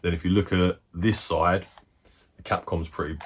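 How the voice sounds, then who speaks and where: Man, 40s, low husky voice, rambling casual collector chat with excited bursts and swearing. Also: moderate pace. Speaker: retro game collector.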